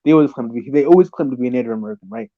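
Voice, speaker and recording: A man in a casual chat who tells animated, profane stories and acts out the people in them. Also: medium pitch, rapid-fire, creaky, dry recording, highs cut off. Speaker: conversation partner.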